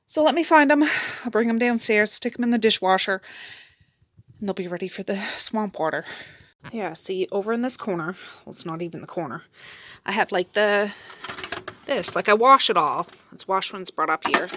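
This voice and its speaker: A woman's voice: mid-range voice, a bit bright, slight background noise. A woman chatting casually through a home cooking vlog, laughing often as she works around her house. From Nova Scotia, Canada. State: out of breath. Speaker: vlogger. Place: home kitchen and attic.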